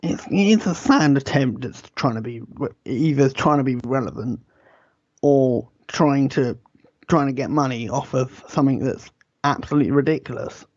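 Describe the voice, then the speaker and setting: Mid-pitched male co-host, jokey banter with mock threats, on a lo-fi recording. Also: moderate pace, darkish tone, no echo. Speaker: podcast co-host. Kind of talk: casual chat.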